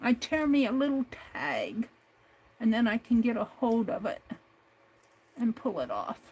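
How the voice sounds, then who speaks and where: A woman's voice: fairly high pitch, very animated, a little slow, darkish tone, husky. A woman hosting a craft livestream, talking herself through each step at her home desk. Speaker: craft channel host. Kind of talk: casual crafting livestream narration.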